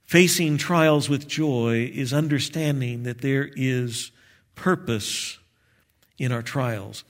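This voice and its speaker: A man preaching a sermon as pastor, measured and earnest with light touches of humor. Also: mid-range voice.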